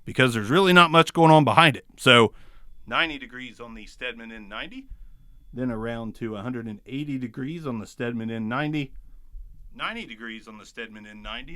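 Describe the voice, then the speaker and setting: Southern-accented man, casual mic reviewer, crude and goofy, lively pitch, dry sound. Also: no room sound. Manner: goofy, swearing, crude jokes, sudden loud outbursts. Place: small home studio.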